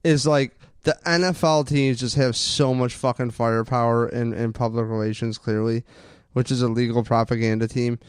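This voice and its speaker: A man's voice: medium pitch, moderate pace, clean tone, no echo, studio quality. A man co-hosting a sports podcast, ranting with lots of swearing in casual chat. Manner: profane, ranting, animated. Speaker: podcast co-host.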